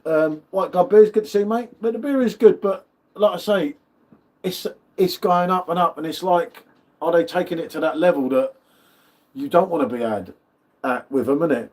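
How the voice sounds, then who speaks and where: A man's voice: a little high, moderate pace, darkish tone. A man hosting a live beer tasting, chatting casually with matey banter and greeting viewers by name. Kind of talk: casual live-stream chat.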